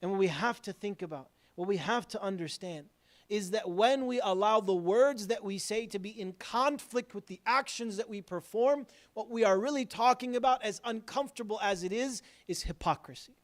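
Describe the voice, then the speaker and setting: Man, imam, earnest sermon, fairly high voice, quiet asides between emphatic points. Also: moderate pace.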